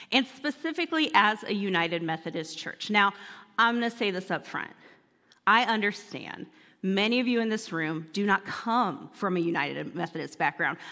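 A woman pastor telling a personal story in an animated, humorous sermon, laughing as she goes. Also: mid-range voice, in a large hall.

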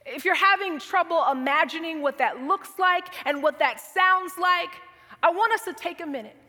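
A woman preaching a sermon with slow, dramatic delivery that sinks to soft whispers. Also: very high voice, big-room sound.

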